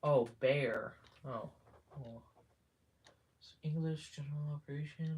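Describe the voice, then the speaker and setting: A man chatting casually on a live stream, rambling and halting, muttering to himself and trailing off between thoughts. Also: a little high, darkish tone, husky. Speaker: livestreamer.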